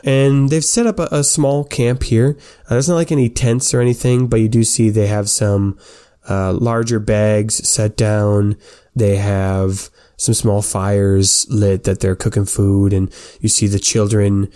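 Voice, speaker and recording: A man's voice: on the low side, level tone, a little slow, mellow, clear, resonant tone. A man game master narrating a tabletop role-playing game in a casual, rambling way.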